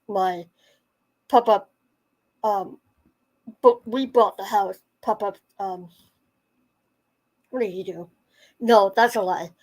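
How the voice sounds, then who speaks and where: A woman's voice: mid-range voice, a little mellow, rough recording. A woman in her forties telling a personal story in a casual, rambling way, full of fillers and restarts. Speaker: channel host.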